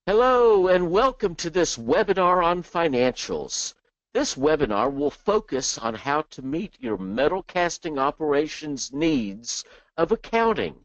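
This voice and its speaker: Male webinar presenter, chatty and joking, animated delivery, dry muffled recording. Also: fairly high pitch, no room sound. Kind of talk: software training webinar. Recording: dull dry lo-fi sound.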